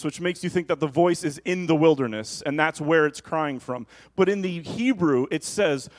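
Pastor preaching a sermon, fairly high voice, jumps from loud emphasis to jokey asides. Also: male voice, expressive, normal speed, few pauses. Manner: preaching with sudden loud rises and joking asides.

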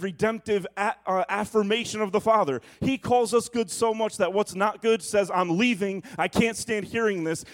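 A man with a notably high-pitched voice delivers a sermon as pastor. He swings from emphatic, proclaiming lines to hushed, wry asides to the room. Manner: preaching, shifting from booming to hushed asides.

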